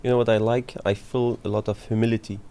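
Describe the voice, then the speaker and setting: A man's voice: fairly low pitch, little pitch movement, fast talker, dark tone. A man hosting a podcast interview who encourages his guest and asks long follow-up questions. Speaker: podcast host. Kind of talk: casual interview.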